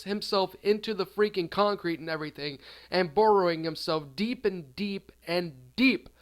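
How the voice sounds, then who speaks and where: Brief: male storyteller, high-pitched, rambling and deadpan through a silly tale. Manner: rambling, deadpan absurd, trailing off. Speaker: storyteller, channel host. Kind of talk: absurd comedic storytime.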